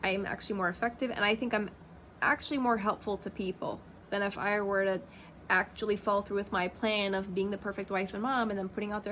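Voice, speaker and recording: A woman's voice: medium pitch, steady tone, a little fast, fairly bright tone, a little hiss or hum. A woman in her thirties talking candidly in a personal vlog, rambling with many fillers like "um" and "like". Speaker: Christian vlogger.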